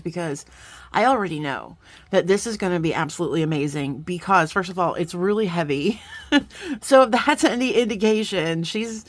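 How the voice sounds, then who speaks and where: A woman hosting a beading channel, talking casually through an unboxing with bubbly, excitable asides. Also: on the low side, no room sound.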